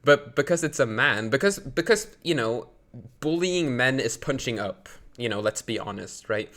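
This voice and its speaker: On a live stream, a man from Sweden rants in an animated, medium-pitched voice at a moderate pace. His delivery rambles with indignation and heavy fillers, spiking in volume when he's outraged.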